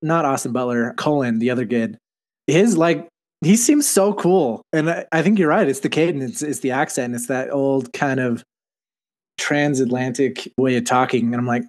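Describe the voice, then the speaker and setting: A man's voice: mid-range voice, normal speed. A man from Utah chatting casually as a podcast co-host, rambling with fillers and restarts. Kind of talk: casual TV recap chat.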